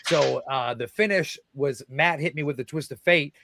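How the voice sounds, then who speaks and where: A young man, a guest wrestler, telling stories in a podcast interview, excited and full of swearing, shouting out the quotes he acts out. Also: on the high side, normal speed, background noise. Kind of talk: casual storytelling in a podcast interview.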